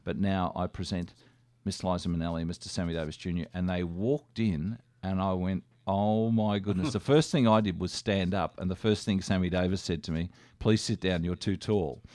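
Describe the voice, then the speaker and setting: An older Australian man speaks in a low voice, recalling stories as a radio guest. He acts out what others said to him. The studio sound is dry and close. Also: a little fast, no room sound. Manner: animated anecdotes with quoted dialogue. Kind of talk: casual storytelling.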